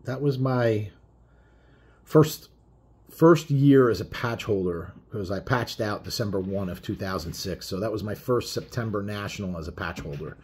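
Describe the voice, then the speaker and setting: Husky low-voiced biker telling a story. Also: male voice, moderate pace, a little mellow. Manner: profane, blunt, rambling with many fillers. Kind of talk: casual spoken storytelling.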